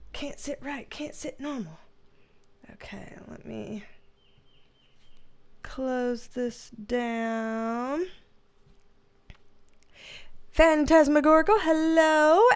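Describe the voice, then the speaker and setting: A woman, chatting casually on a livestream as a tarot reader, greeting viewers by name and laughing often while sounding tired and yawning. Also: sits high.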